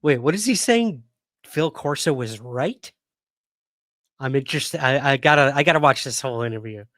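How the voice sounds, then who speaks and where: A man's voice: medium pitch, lively intonation, normal speed, a bit bright, no room sound. Chatty male livestream host, dry sound. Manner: chatty, rambling, with frequent fillers and laughs. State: hiccuping. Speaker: podcast host. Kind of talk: casual livestream chat.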